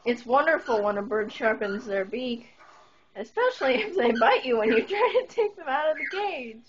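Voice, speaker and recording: A woman's voice: sits high, lively intonation, moderate pace. A woman talking in a coaxing sing-song to her pet birds at home, recorded on a camera phone. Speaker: pet bird owner. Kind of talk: casual home video talk to pet birds. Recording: dull lo-fi phone recording with faint hiss.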